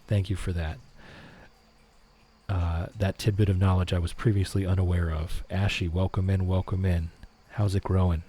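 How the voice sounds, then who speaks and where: Low, dark-voiced man chatting on stream. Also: moderate pace, husky. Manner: relaxed, reads chat aloud and answers it. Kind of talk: casual live-stream chat reading viewer comments.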